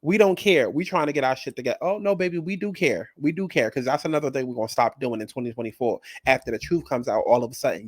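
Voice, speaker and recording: A man's voice: medium pitch, fast, hardly any pauses, slightly rough, dry recording. Brash, profane man doing reaction commentary. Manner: blunt, profane, sassy and emphatic. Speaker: commentary channel host.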